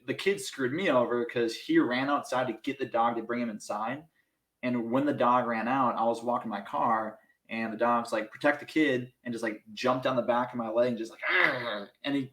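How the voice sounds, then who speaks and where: A young man guesting on a podcast tells stories animatedly, mocking himself and laughing through them. His voice is mid-range, and the echoey room yields poor audio.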